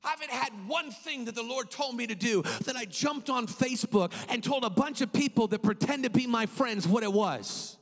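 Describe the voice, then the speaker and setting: A man with a strikingly high voice preaches a fervent sermon. His delivery swells into shouted, sing-song cadences, and the long reverb of a large church hall trails behind every line. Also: animated, moderate pace, few pauses.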